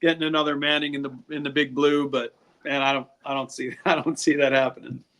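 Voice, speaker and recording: A man's voice: mid-range voice, little pitch movement, a little fast, a bit bright. A man being interviewed as a guest, talking candidly with lots of restarts. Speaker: draft scout, guest. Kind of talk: casual interview talk.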